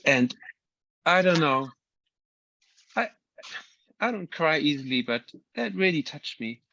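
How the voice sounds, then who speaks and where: A man in an online meeting, speaking hesitantly and haltingly. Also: on the high side, animated, gravelly, bright, forceful tone, no room sound. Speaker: meeting participant. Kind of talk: casual chat. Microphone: video call. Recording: dry, dull call audio.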